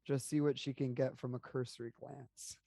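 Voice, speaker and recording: A tabletop game player describing their character's actions in a halting way with many fillers. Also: medium pitch, flat delivery, vocal fry, warm tone, no echo.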